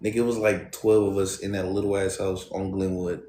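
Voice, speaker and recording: A man's voice: sits low, level tone, brisk, dark tone, a little hiss or hum. A young man streaming live, casually telling his viewers a personal story in loose, profane street slang and talking straight to them. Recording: roomy echo.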